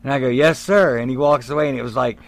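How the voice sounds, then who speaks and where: A former wrestler telling stories in casual conversation, acting out the voices of the people in them and laughing often. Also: male voice, medium pitch, fast. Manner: animated, acts out the voices of people in his stories. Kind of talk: casual storytelling.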